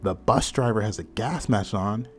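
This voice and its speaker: A man's voice: on the low side, normal speed, faint music behind. A man casually retelling a horror manga's plot, adding his own asides along the way. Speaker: manga reviewer. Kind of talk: casual storytelling recap.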